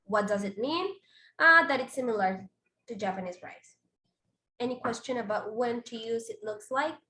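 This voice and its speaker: Slow explanations in both Spanish and English come from a woman teaching an online bilingual class. She is a native Spanish speaker with a high, bright voice, recorded in an echoey space.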